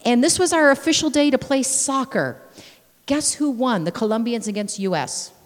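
This woman's voice sits on the high side and keeps a moderate pace. A missionary, she gives a sermon rich in personal stories, animatedly acting out moments and exclaiming praise, recorded with the long reverb of a large church sanctuary.

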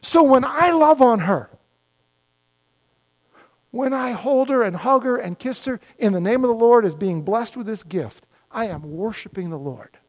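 Male pastor, middle-aged, very high voice, animated conversational sermon. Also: unhurried. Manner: animated, conversational preaching with mock dialogues.

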